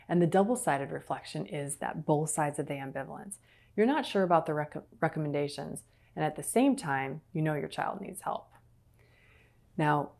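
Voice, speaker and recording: Low-voiced woman giving a lecture. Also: a little mellow. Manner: explains step by step, acts out patient and clinician lines. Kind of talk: recorded virtual lecture.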